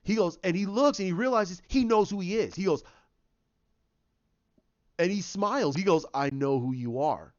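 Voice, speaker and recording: A man giving a casual spoken movie review, excited and rambling, restarting and repeating his words. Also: high voice, normal speed, pauses often, highs cut off. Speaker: film reviewer.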